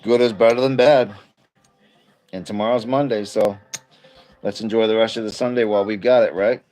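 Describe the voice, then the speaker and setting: A man's voice: fairly low pitch, fairly even intonation, normal speed, a little mellow. Chatty man live streaming at home. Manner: chatty, greets viewers by name, rambling asides. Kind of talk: casual live stream chat.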